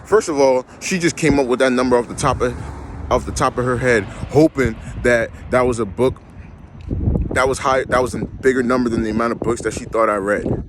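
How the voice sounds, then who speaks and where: A man's voice: medium pitch, fairly even intonation, brisk, noisy background. A young man, ranting emphatically and repeating himself in a vlog. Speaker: vlogger. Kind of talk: ranting monologue.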